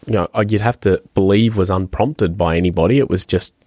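A man co-hosting a golf podcast in casual chat, animated and restarting his phrases as he thinks. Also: sits low, a little fast, no room sound, clean studio sound. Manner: animated, repeats words while thinking.

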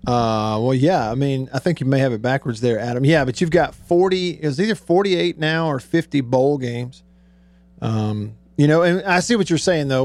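A man's voice: mid-range voice, darkish tone, no room sound. Chatty male radio host, dry studio. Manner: chatty, joking storyteller. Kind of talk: casual radio chat. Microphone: studio microphone.

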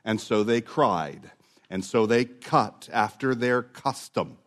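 A man's voice: mid-range voice, animated, slow. A man preaching a sermon, earnest and building to emphatic repetition. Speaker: pastor.

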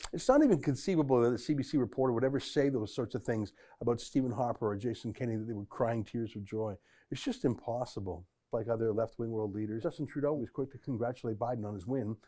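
A man hosting an opinion show, with a warm, darker tone. He is dryly sarcastic and mocking as he sets up each clip. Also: medium pitch. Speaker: political commentary host.

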